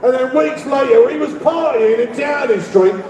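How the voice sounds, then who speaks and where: A middle-aged man with a London accent giving a rambling rally speech as an activist, shouting demands and leading the crowd in call-and-response. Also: very high-pitched, moderate pace, lo-fi sound. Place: public rally. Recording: echoey, distant, with crowd noise. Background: faint crowd and ambient noise.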